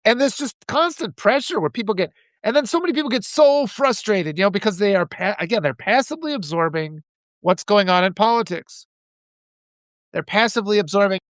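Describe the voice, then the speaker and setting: Impassioned man ranting with lively pitch. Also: a little fast, dry recording. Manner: passionate, ranting, quotes opponents in mocking voices. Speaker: political commentator. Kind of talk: impassioned political monologue.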